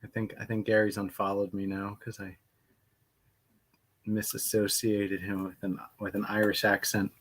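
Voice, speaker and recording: A man's voice: on the low side, monotone, moderate pace, a bit bright, breathy edge. A man hosting a casual painting livestream, chatting in a rambling way and greeting viewers by name. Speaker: livestream host painting miniatures.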